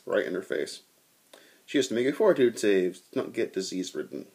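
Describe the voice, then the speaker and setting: Husky-voiced young man recounting a tabletop game. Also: lowish voice, fairly quick. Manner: animated, swearing, with quoted voices. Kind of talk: casual storytelling.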